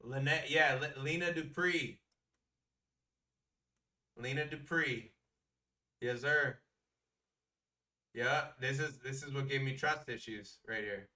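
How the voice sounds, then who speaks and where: A young man co-hosting a casual podcast, animated and slangy, repeating himself for emphasis. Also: mid-range voice, slow, long pauses, distant mic. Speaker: podcast co-host.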